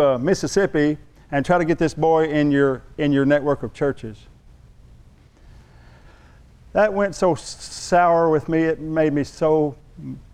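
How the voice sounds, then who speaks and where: With a fairly high-pitched voice, a male pastor animatedly tells a story during his sermon, voicing each character he quotes.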